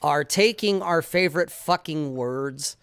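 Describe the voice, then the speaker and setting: A man's voice: on the high side, unhurried, a crowd in the background. A man, the guest writer on a podcast, talking casually in a profane, emphatic, ranting way. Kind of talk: casual chat.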